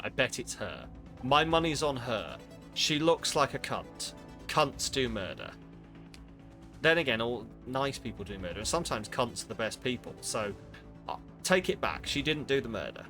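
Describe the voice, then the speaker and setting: A man's voice: medium pitch, a bit bright. Sweary man streaming a game. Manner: blunt, sweary, rambling asides. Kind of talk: casual gameplay commentary.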